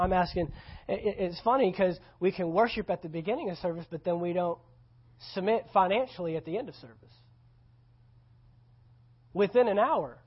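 A man's voice: sits high, moderate pace, long pauses, slightly rough. A male pastor preaching a sermon at a church service, conversational and emphatic, repeating key phrases. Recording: slightly dull lo-fi recording.

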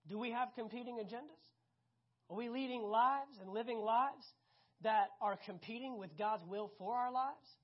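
A preacher delivering a sermon, emphatic and animated, repeating key phrases and swinging between loud and hushed. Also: mid-range voice, normal speed. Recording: dull lo-fi recording.

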